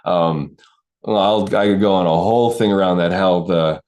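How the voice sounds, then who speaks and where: A man's voice: deep voice, normal speed, a little mellow. A man coaching on a live stream, talking loosely and conversationally, breaking off into asides and restarting his sentences. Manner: loose, conversational, self-interrupting, chatty asides. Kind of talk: casual live-streamed talk.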